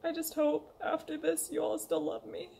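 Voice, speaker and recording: High-voiced young woman, emotional and halting, reading a heartfelt letter aloud to her loved ones. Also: completely flat delivery, creaky, dark tone, a little hiss or hum. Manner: emotional, hesitant, pleading, reads a letter aloud. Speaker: vlogger. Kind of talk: emotional personal confession.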